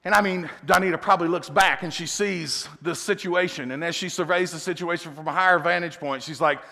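A middle-aged man preaching a sermon, telling a family story with animated asides and chuckles. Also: on the high side, fairly quick, vocal fry. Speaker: pastor. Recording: long hall reverb.

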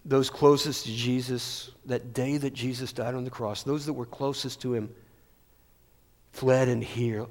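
A male pastor preaching a sermon, moving between loud emphatic peaks and hushed, near-whispered passages. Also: medium pitch, steady tone, unhurried. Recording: long hall reverb.

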